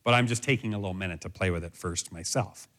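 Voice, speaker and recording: A man's voice: sits low, fast talker, a bit bright, voice pushed down. A man voicing a young child who stammers out excuses for dawdling. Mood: sheepish. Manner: stammering, sheepish excuse-making.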